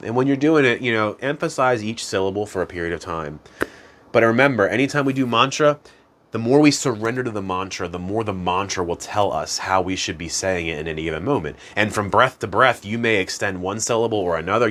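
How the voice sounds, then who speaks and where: Slightly quick and fairly deep-voiced, this self-improvement host gives a relaxed, conversational rundown of various practices. Every so often he laughs at himself, and he hums his chants softly.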